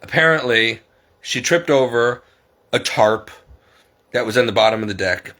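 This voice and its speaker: Middle-aged male vlogger, average pitch, bright timbre, rambling and exasperated delivery. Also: animated, moderate pace. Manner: rambling, exasperated, repeats himself. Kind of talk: casual storytelling monologue.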